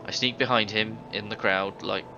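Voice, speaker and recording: A man's voice: lowish voice, steady tone, moderate pace, close to an everyday voice. A man voicing a middle-aged former thief in a video game, telling tales with hearty, boastful relish. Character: older male ex-thief, boisterous tavern storyteller. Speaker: game character. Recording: dull game audio with faint hiss.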